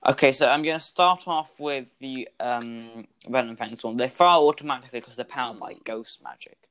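A man narrating a tabletop game as game master for a podcast, in a loose, rambling way full of fillers and sudden loud bursts. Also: mid-range voice, normal speed.

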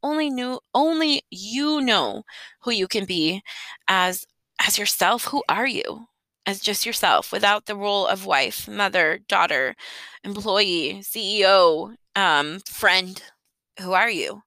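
A woman in her thirties, a mother telling a personal story in an emotional, heartfelt monologue with soft laughs. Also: mid-range voice, lively intonation, slow, no echo, rough recording.

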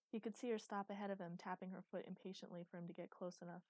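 Woman reading a story aloud, mellow lowish voice, super dry close mic. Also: steady tone, quick pace, hardly any pauses, no echo. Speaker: audiobook narrator. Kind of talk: scripted narration.

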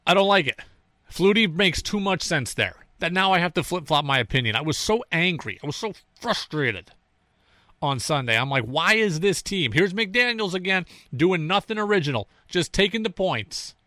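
A man with a slightly high voice hosts a sports radio talk show, recapping plays and ranting animatedly like a fan. The recording is studio quality with no echo.

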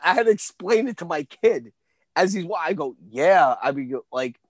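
A man in his forties co-hosting a podcast, telling stories in a profane, animated way during a casual chat about a movie. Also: on the high side, normal speed, dry recording. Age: 40s. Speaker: podcast co-host.

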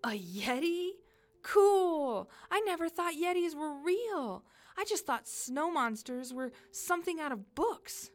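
Excited little girl, high and bouncy, a lady reading her part, storybook kid. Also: a little slow, hardly any pauses. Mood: cheerful. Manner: bright and eager, yells when scared. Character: brave, curious young girl on a ski trip.

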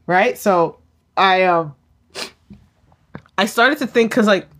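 A woman talks casually about a TV drama, animated and laughing often as she acts out quotes. Her voice is medium in pitch and her delivery slow.

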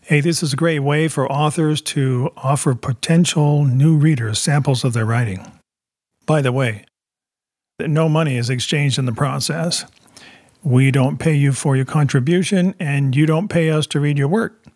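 A man's voice: a little high, moderate pace, a little mellow, no room sound, clean studio sound. A man co-hosting a story podcast, giving a friendly, joking introduction. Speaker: podcast co-host. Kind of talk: casual show introduction.

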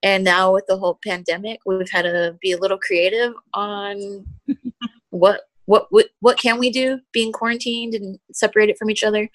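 A woman's voice: mid-range voice, fairly even intonation, normal speed, a bit bright, no echo. A woman guest in a casual podcast chat, explaining at length. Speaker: podcast guest, band member.

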